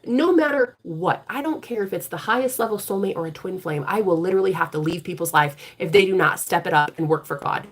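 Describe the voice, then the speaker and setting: A woman hosting a live tarot reading stream, talking bluntly with a lot of profanity and turning preachy and forceful when she drives a point home. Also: lowish voice, a little fast, hardly any pauses, slightly rough. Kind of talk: casual live-stream talk.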